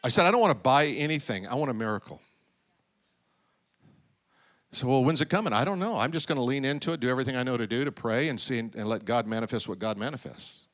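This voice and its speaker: A man preaching a sermon as pastor of a church. He swings between loud, high exclamations and low, quiet asides. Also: lively intonation, racing, hardly any pauses.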